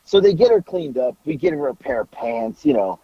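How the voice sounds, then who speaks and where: A man's voice: mid-range voice, expressive, brisk, slightly rough, no echo. A man on a podcast telling a story casually, swearing freely and laughing through it. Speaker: podcast co-host. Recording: dry, slightly dull recording.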